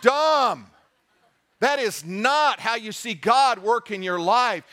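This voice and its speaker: A pastor preaching a sermon, reading scripture aloud and asking the congregation questions with emphasis. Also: male voice, very high-pitched, expressive, slow, bright, forceful tone.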